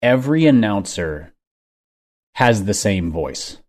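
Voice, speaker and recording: A man's voice: on the low side, very animated, slow, darkish tone. A man from Minnesota co-hosting a sports podcast, opinionated and thinking aloud in casual chat.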